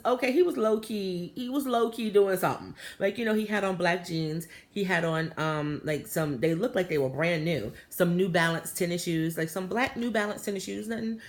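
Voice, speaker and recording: A woman, talking casually to camera in a chatty, animated way. Her voice sits a little low for a woman, and she fills her story with fillers and little asides to her viewers. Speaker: vlogger.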